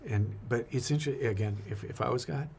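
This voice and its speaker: A man's voice: medium pitch, fairly quick, vocal fry, a little mellow, slight background noise. A man, a priest, talking earnestly and reflectively in a casual faith conversation, often repeating his words.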